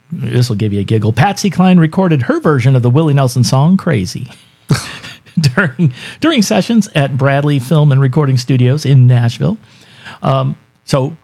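A man's voice: medium pitch, vocal fry, darkish tone, husky. A man co-hosting a radio show in casual banter, chatty and joking as he reads out this day in history. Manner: chatty, laughs often, light joking delivery. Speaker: radio co-host.

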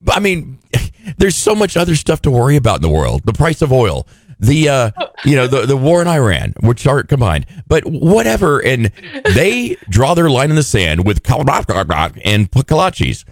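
Man, co-host, casual chat, wry jokes, lively pitch, dry room. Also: moderate pace, dry recording. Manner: joking, wry asides. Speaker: radio show co-host.

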